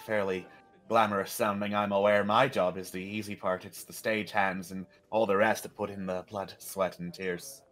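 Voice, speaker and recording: A man's voice: lowish voice, little pitch movement, normal speed, fairly bright tone, natural voice. An actor playing an anxious Englishman, a stage performer living in France, who talks in a hesitant, rambling way. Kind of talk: character role-play.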